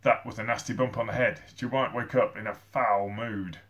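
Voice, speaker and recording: A man voicing a gruff male zookeeper in a storybook reading, scolding loudly. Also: fairly low pitch, fairly even intonation, moderate pace, dull audio, natural voice. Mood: cautious.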